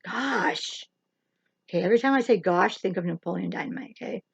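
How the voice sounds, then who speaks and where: A woman's voice: mid-range voice, racing, gravelly, breathy edge, dry recording. A woman hosting a chatty livestream makeup tutorial, rambling and teasing herself as she works. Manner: rambling, joking, self-teasing. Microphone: camera or phone livestream. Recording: dull lo-fi sound.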